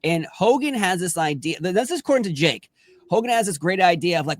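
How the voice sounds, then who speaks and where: An eager male host lays out long, chatty questions and laughs easily. His voice sits a little higher than most men's. The sound is close and dry, with no room echo. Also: animated, fast. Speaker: podcast host interviewer. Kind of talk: interview questions, casual chat.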